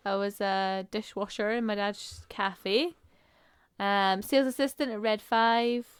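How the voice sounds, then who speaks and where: A woman chats casually on a podcast, briskly listing things off. Her voice is smooth and clear at a middle pitch, recorded dry. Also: steady tone, no echo. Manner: chatty, listing things briefly. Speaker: podcast co-host. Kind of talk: casual chat.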